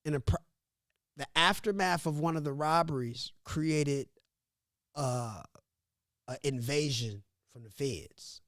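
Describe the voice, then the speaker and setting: A man from Missouri, a podcast guest, telling a story in a casual, animated, profane way and acting out what others said. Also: fairly high pitch, takes it slowly, pauses often, dry recording, clean studio sound. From Grandview, Missouri. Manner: animated, profane, laughs often, acts out quotes.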